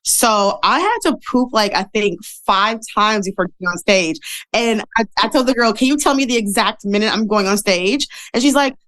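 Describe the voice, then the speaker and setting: A woman guest on a podcast, telling stories casually and acting out the voices of people she quotes. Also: normal speed. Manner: animated, acts out quoted voices with big pitch jumps. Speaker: podcast guest, model and speaker. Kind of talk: casual interview storytelling.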